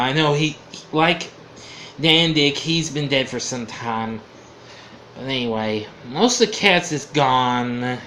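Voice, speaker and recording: Man, casual vlog review, bright voice, slow rambling delivery, chuckles. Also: on the high side, a little hiss or hum. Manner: rambling and chuckly, often losing his train of thought. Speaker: vlogger reviewing an old TV show.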